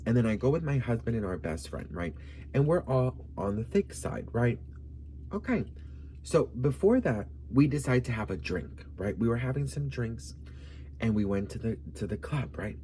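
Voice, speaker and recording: A man's voice: medium pitch, big pitch swings, moderate pace, warm tone, slight background noise. A man of Colombian background from Miami, telling a gossipy story in a sassy, campy vlog style and calling the viewer "girl.". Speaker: vlogger.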